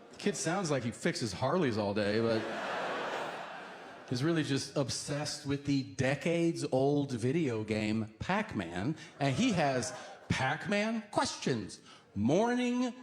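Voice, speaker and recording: A man in his thirties doing a stand-up comedy routine on a club stage, telling stories with lively acted-out voices and sudden yells. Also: on the high side, noisy background. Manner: animated storytelling, acts out voices, bursts into yelling. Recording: live club with loud crowd laughter.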